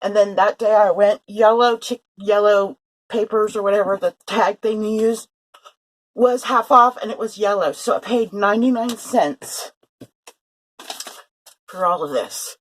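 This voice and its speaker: A woman's voice: medium pitch, unhurried, low-quality recording. A woman in a casual haul vlog, filming at her sewing table and chatting in a rambling way about cards she found at a thrift store. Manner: chatty, rambling, with fillers and self-corrections. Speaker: vlogger showing a thrift haul. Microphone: handheld or table camera.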